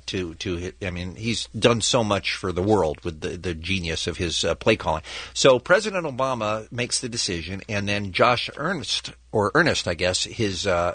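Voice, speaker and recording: A man hosting a radio show, bantering in an animated, joking and rambling way. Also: fairly low pitch, slightly rough, dry recording.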